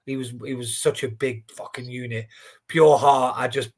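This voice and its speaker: A man in his forties, an animated storyteller who swears freely and restarts his sentences often, chatting casually on a boxing stream. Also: medium pitch, normal speed. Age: 40s. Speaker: boxing watchalong co-host. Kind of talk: casual chat.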